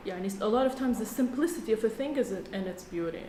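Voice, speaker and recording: Guest: woman from Saudi Arabia, relaxed and plain-spoken, echoey room. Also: medium pitch, quick pace. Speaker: jewelry business owner, guest. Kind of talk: casual interview. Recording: echoey room, faint noise.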